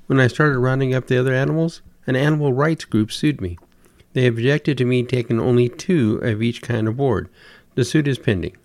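A man's voice: mid-range voice, normal speed, a little mellow, no echo, natural voice. A man voicing Noah in a told story, an exasperated old man who pleads and lists complaint after complaint. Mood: pleading. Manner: plaintive, listing complaints at length. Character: weary harried biblical Noah, old man.

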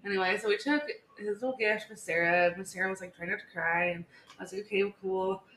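A woman in her thirties, co-hosting a podcast in casual chat, telling stories in a chatty, animated way with many "like"s. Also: mid-range voice, fast talker. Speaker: podcast co-host. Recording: echoey room with faint background hiss.

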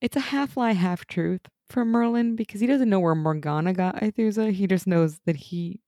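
A young woman co-hosting a casual TV recap chat, animated and laughing as she acts out lines from the show. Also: medium pitch, moderate pace, no room sound, studio quality. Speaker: podcast co-host.

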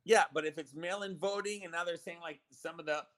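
Bright, animated man in his fifties. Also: fairly high pitch, fairly quick, poor audio. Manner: animated storyteller, lively retelling of arguments. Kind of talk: casual podcast chat.

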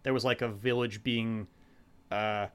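A man in casual chat, recapping a show in a rambling, profane way and quoting the characters in quick voices. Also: on the low side, fairly even intonation, a bit bright, smooth.

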